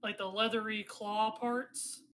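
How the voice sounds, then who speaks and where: A woman's voice: medium pitch, little pitch movement, a little slow, a bit bright, low-quality recording. A woman narrating as game master in a casual, hesitant way with many fillers.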